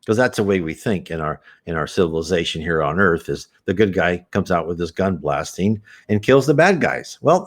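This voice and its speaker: A man with a low voice hosts a spiritist program in a loose, rambling way. His pitch swings widely as he talks, and he keeps restarting sentences and filling gaps with "you know.". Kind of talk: casual spoken commentary.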